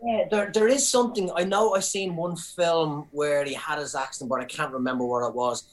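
Irish man telling animated stories. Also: a little high, normal speed, rough recording. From Ireland. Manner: storytelling, animated. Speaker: podcast guest, comedian. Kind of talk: casual chat.

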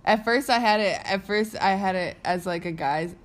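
A woman's voice: mid-range voice, moderate pace. A young woman co-hosting a podcast in casual chat, nervous and giggly, swearing often. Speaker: podcast co-host.

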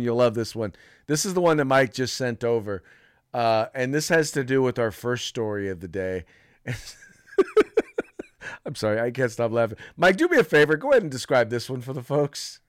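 A man's voice: medium pitch, expressive, normal speed, no room sound, studio quality. A man co-hosting a casual political talk podcast, who laughs often and repeats himself. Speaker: podcast co-host.

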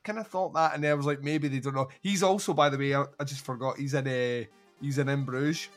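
A man's voice: mid-range voice, steady tone, quick pace, faint music behind. A man hosting a podcast, chatting casually and animatedly, swearing and acting out movie scenes. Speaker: podcast host. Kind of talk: casual chat.

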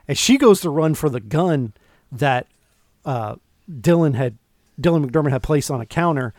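A man co-hosting a podcast, recapping film scenes in an animated, casual way with lots of restarts. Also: medium pitch, moderate pace, no echo, clean studio sound. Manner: animated, retells scenes with quoted lines and restarts. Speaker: podcast co-host. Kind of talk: casual movie review chat.

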